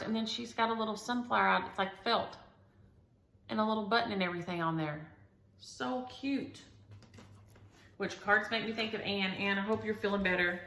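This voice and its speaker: A woman's voice: mid-range voice, creaky, sharp tone. A woman hosting a chatty show-and-tell video, gushing over each item and talking straight to her viewers. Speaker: host. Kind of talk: casual show-and-tell chat. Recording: roomy echo.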